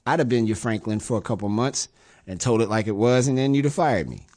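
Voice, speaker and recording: A man's voice: mid-range voice, lively intonation, fairly quick, darkish tone. A man in a radio studio talks through the news in a casual commentary style. His voice sits mid-range, and he breaks up the quotes he reads with wry, sarcastic jabs. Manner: sarcastic, wry asides between read-out quotes. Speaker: radio show host.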